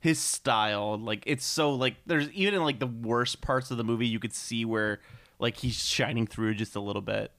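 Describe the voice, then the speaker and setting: A man's voice: mid-range voice, moderate pace, a bit bright. A man co-hosting a casual movie podcast, rambling and laughing often. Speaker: podcast co-host. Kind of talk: casual chat about movies.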